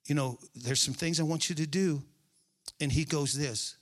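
A male pastor preaching a sermon, repeating key phrases with emphasis, drawing them out and now and then dropping to a hushed aside. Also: fairly high pitch, normal speed.

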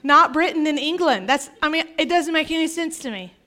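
A woman pastor preaching a sermon, animated and humorous, acting out scripture scenes as she teaches. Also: high-pitched, a little fast, hardly any pauses.

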